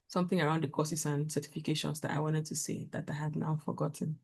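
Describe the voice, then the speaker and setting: A woman's voice: deep voice, level tone, quick pace, vocal fry, a little mellow, slightly rough. Earnest woman giving practical advice. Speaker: guest speaker. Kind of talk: casual talk on a video call.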